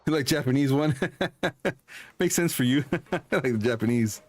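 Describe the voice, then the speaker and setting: A man's voice: mid-range voice, moderate pace, a little mellow. A man giving casual, joking commentary while streaming a game. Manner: joking, chatty asides.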